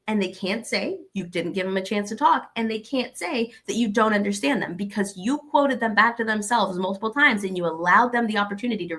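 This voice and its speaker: A young adult woman from Arkansas, a comedian guest in an interview, animatedly acting out both sides of the conversations she describes. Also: medium pitch. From Arkansas, USA. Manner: animated, acts out both sides of quoted dialogue.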